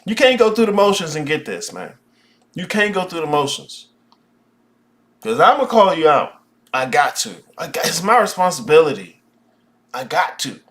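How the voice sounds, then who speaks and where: A man's voice: fairly high pitch, sing-song, normal speed, long pauses, fairly bright tone. A man teaching a magic class, talking bluntly and profanely in a casual rant.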